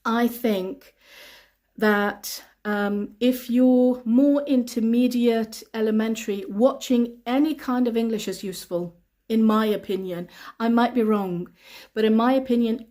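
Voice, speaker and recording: A woman's voice: fairly high pitch, a little mellow. A woman English teacher answering learners' questions on a live stream, reading their comments aloud and explaining things patiently with lots of repetition.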